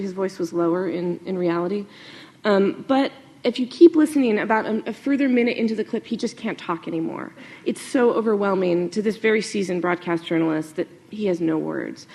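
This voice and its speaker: A woman journalist talks to a live audience about how news grabs attention. She is animated and chatty, with fillers and asides. Her mid-pitched voice has a gravelly fry at the ends of phrases. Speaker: journalist giving a talk. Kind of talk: conference talk to an audience.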